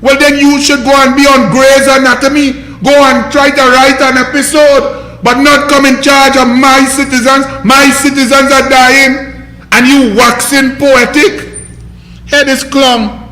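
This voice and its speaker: Trinidadian guy ranting about politics, real high voice, mocking and combative, echoey room. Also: steady tone, unhurried, bright, forceful tone. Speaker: political commentary host.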